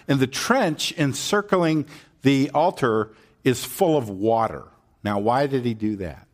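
A medium-pitched man delivers a sermon, retelling a Bible story casually and tossing asides to the congregation. When he quotes someone, his voice leaps dramatically.

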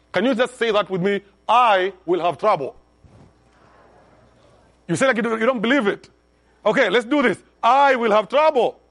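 A middle-aged male pastor preaching a sermon, calling on the congregation to respond and swinging between hushed and loud emphasis. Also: high-pitched.

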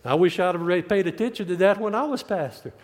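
Male preacher, high-pitched, folksy and joking, reverberant church hall. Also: expressive. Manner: folksy, joking, plain-spoken with drawn-out emphatic lines. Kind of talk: sermon.

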